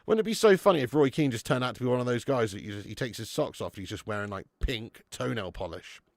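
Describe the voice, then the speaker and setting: A man's voice: mid-range voice, lively intonation, fast, no room sound, clean studio sound. A man hosting a live football watch-along, reading the chat and chatting with viewers in a casual, sweary way, calling everyone mate and laughing often.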